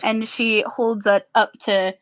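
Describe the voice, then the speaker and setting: A woman's voice: a little high, flat delivery, takes it slowly. A woman narrating as game master in a tabletop role-play, casual and giggly with lots of fillers. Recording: slightly muffled recording.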